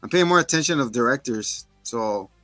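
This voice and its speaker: A man co-hosts a laid-back film review show, narrating scenes and jumping into character voices as he goes. His voice is bright and forward. The sound is dry and close, with faint music underneath. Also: medium pitch, moderate pace, no room sound. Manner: animated, acts out movie scenes in voices. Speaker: podcast co-host. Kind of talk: casual movie review chat.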